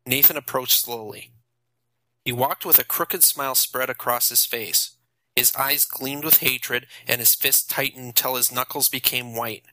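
Bright-voiced male audiobook narrator. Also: medium pitch, unhurried, dry recording, poor audio. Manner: steady, even storytelling.

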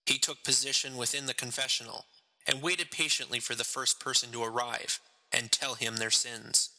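A man reads his story aloud in a slow, measured way. His voice is gravelly, crisp and sharp-edged. A long reverb trails after every line. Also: mid-range voice, fairly even intonation. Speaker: narrator, reader of his own story. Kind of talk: storybook narration.

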